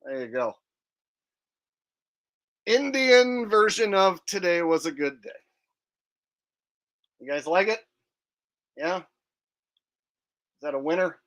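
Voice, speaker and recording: A man's voice: high voice, slow, long pauses, fairly bright tone. A man hosting a livestream, chatting casually and reading comments aloud in a laid-back way. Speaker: livestream host.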